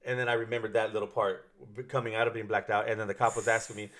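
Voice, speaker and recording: A man's voice: on the low side, little pitch movement, very fast, a bit bright. A man telling a long story in casual chat, rambling and swearing, with many fillers and restarts.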